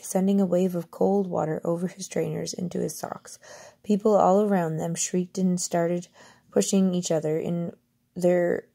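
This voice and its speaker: A woman's voice: on the low side, vocal fry, warm tone, slightly rough. A woman reading a novel aloud in an unpolished way, often stumbling and restarting words. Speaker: reader.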